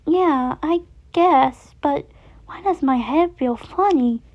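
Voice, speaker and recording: A woman's voice: high-pitched, slow, pitched above the performer's own voice. A woman voicing a sweet, chirpy female animatronic chicken in a storybook reading. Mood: groggy. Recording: dull lo-fi recording.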